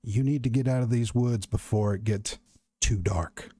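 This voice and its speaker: A man voicing an old woods spirit, slow and low. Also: warm tone, lightly acted. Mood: grave warning. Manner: slow, low, folksy, calls her honey. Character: spirit of an old man living in the woods, gentle but warning.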